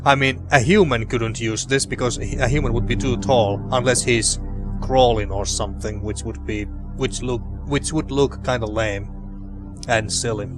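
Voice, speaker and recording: Homme commentant un jeu, pensée à voix haute. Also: male voice, medium pitch, fairly even intonation, moderate pace. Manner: rambling, thinking aloud with restarts. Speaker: let's play host. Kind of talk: casual gameplay commentary. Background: game music.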